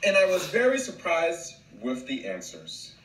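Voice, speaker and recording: Slow-talking woman with a crude rant. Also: on the low side, huge pitch swings, recorded from a distance, a little hiss or hum. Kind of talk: casual storytime. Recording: echoey room.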